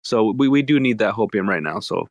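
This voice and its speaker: Man, casual, joking, middle pitch, dry close audio. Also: lively intonation, a little fast, dry recording, dull audio. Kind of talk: casual online audio chat.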